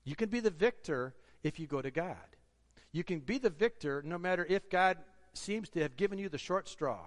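A man's voice: high voice, animated, moderate pace. A man preaching a sermon, earnest and exhorting, asking the congregation rhetorical questions. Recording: long hall reverb.

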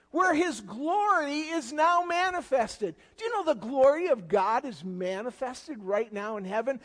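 High-voiced preaching man in a reverberant hall. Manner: preaching with sudden loud rises and quiet drops. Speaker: guest pastor. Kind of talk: sermon.

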